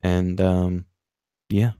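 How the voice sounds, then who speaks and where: A man co-hosting a podcast, talking in an animated, profane, excitable way. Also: sits low, extremely slow, clear, resonant tone, no room sound, studio quality. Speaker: podcast co-host. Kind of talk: casual chat.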